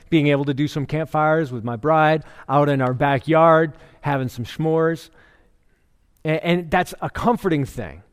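A middle-aged man preaching a sermon in a relaxed, conversational way, telling jokes and stories to make his points. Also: a little high. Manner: conversational preaching with joke storytelling. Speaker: pastor. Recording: long hall reverb.

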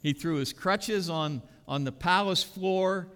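A man preaching a sermon with animated, dramatic emphasis, recorded in a reverberant church sanctuary. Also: high-pitched, slow, smooth. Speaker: pastor. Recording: reverberant hall.

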